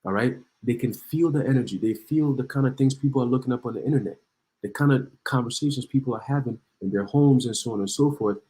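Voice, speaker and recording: A man's voice: medium pitch, quick pace, dark tone, low-quality recording. A man preaching in heated commentary on the news, reading articles aloud and then ranting. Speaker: online preacher.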